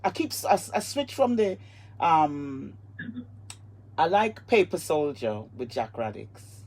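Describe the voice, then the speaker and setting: Husky, effusive woman host. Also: low-pitched, big pitch swings, a little slow, darkish tone. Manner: effusive, emotional, repeats herself. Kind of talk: live online interview.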